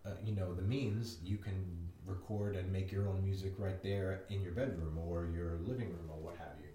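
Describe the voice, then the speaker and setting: A man's voice: low-pitched, steady tone, normal speed, mellow. A man guesting on a casual podcast, rambling with hesitant restarts, recorded with a roomy echo and faint noise.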